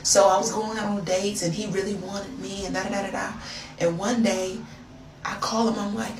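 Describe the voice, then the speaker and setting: A woman's voice: medium pitch, fairly even intonation, moderate pace, reverberant, distant mic, noisy background. An American woman telling a dramatic, gossipy story straight to her viewers in a casual storytime vlog. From United States. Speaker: storyteller vlogger.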